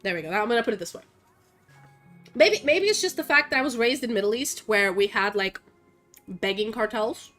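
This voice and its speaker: A young woman streamer rants in a blunt, profane, animated way, her voice fairly high and full of fillers. Soft music runs faintly behind her. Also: brisk, long pauses. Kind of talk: casual opinionated rant while gaming.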